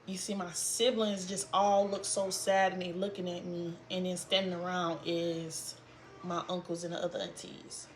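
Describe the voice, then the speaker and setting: A young woman telling a painful personal story in a vlog, halting and trailing off as she fights tears. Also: on the low side, little pitch movement, soft background music. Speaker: vlogger.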